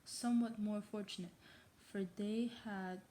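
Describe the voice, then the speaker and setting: Woman, casual read-aloud, mock English accent, trips over words, mellow tone, faint background noise. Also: mid-range voice, steady tone, unhurried. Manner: stumbling over words, chatty self-mocking asides; attempting an English accent while reading. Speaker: reader.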